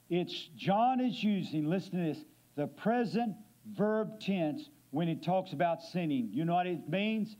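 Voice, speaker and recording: A man's voice: sits high, measured pace, darkish tone, lo-fi sound. A man preaching as a guest speaker in a church, emphatic and asking his listeners questions. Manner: emphatic, asks the congregation questions. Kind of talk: sermon. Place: church sanctuary.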